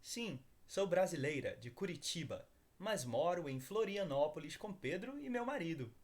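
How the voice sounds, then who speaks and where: A man's voice: fairly high pitch, sing-song, moderate pace, pitched above the performer's own voice. A man reading a textbook dialog, voicing Carla, a Brazilian woman traveler, in a slightly raised voice. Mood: friendly.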